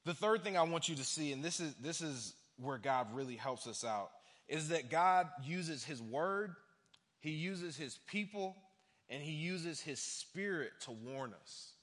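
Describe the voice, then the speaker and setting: A young man preaching with animated energy, breaking into quoted voices. His tone is bright and forceful, sitting a little high. The sound carries a long reverb from a large church hall. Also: a little slow. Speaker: pastor. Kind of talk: sermon.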